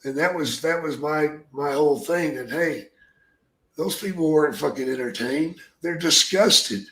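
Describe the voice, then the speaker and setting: Man, retired wrestler, gruff, profane, rambling stories, higher pitch, roomy echo. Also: unhurried, fairly bright tone. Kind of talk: casual podcast storytelling.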